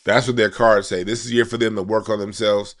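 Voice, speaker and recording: A man's voice: on the low side, level tone, fast talker. A man hosting a casual card-reading monologue, talking in loose slang with frequent restarts and repeated words. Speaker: card reader, channel host.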